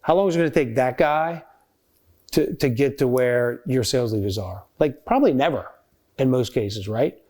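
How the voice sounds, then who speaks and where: A man's voice: mid-range voice, moderate pace, a little mellow. A middle-aged man, a company founder, talking casually as a podcast guest and often tagging his points with "right?". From United States. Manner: conversational, tag questions, fillers like "right?" and "like".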